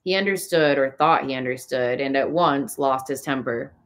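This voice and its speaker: A woman narrating an audiobook with a low-pitched voice. She reads expressively, lending drama to the prose. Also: moderate pace. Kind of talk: audiobook narration of a classic novel.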